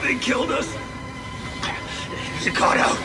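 A man's voice: slow pace, natural voice. An actor playing a desperate, terrified man trapped in an asylum, pleading in warnings, heard through game audio with music behind.

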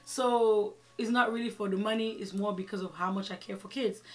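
A woman vlogger telling a personal story in a chatty, animated way, with many fillers. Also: mid-range voice, a little fast. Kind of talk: casual storytelling.

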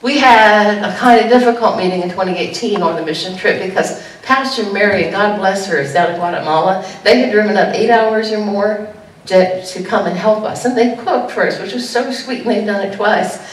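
A woman pastor giving an animated sermon, jumping to high exclamations now and then. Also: normal speed, a little hiss or hum. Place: church sanctuary. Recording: echoey church room heard from a distance.

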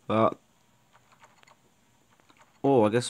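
A young man giving let's-play commentary on a horror game, jumpy, swearing a lot and shouting when startled. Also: mid-range voice, unhurried. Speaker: gaming YouTuber.

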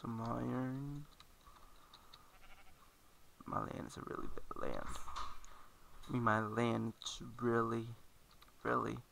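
A man's voice: mid-range voice, fairly even intonation, slow, creaky, long pauses, fairly bright tone, slight background noise, low-quality recording. A man giving casual let's-play commentary, rambling and correcting himself as he plays at a computer. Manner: rambling, self-correcting, talks while playing. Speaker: gameplay commentator.

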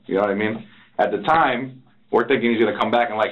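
A man's voice: on the low side, brisk, creaky, phone-quality sound. A man being interrogated, recounting events in a rambling, profane way and acting out other people's lines. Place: interrogation room.

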